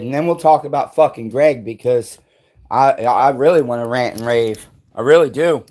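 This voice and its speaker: A man hosting a livestream from his home, ranting angrily and swearing constantly, swinging between heated outbursts and lower muttering as he moves between rooms. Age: adult parent. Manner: profane, heated and complaining; rising to loud agitation, then muttering lower while walking around. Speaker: livestream host. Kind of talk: angry livestream rant.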